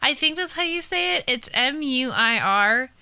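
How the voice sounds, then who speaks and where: Bright, crisp woman hosting a podcast. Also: high-pitched, lively intonation, normal speed, no echo. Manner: hesitant, lots of ums and restarts. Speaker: podcast host presenting hike list. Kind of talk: casual podcast chat.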